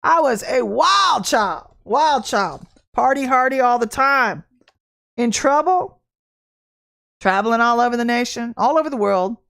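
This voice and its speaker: A woman's voice: on the high side, animated, unhurried, fairly bright tone. A woman from Texas giving an impassioned, blunt spiritual talk to the camera, emphatic and laughing between points. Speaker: Christian ministry speaker.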